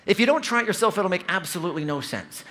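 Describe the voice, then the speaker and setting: A man in his forties gives an energetic keynote from a convention stage. His voice sits high for a man, and his pitch swings widely as he tells his stories. His tone is bright and forceful as he pulls the audience in. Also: fast. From Ohio. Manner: energetic, storytelling, audience-engaging. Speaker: keynote speaker. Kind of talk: motivational keynote speech. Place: large convention hall stage.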